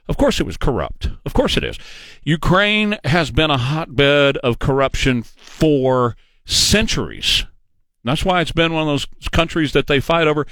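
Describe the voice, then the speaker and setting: A man's voice: mid-range voice, a bit bright, dry recording. A man giving an opinionated political monologue, emphatic and sarcastic, repeating phrases for effect. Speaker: political commentator.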